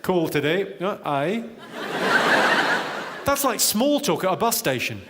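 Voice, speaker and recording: A man doing stand-up comedy with a deadpan delivery and working the crowd in a large theatre. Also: high-pitched, takes it slowly, very noisy. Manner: deadpan, crowd work with the audience. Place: large theatre with a laughing audience. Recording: live theatre recording with long reverb and loud crowd laughter.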